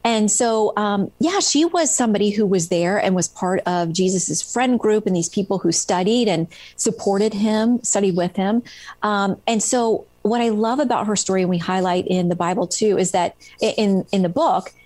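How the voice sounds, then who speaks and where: A woman's voice: medium pitch, normal speed, darkish tone, no echo. A woman author retelling stories from her book in a casual interview, with many ums and restarts. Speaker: author guest.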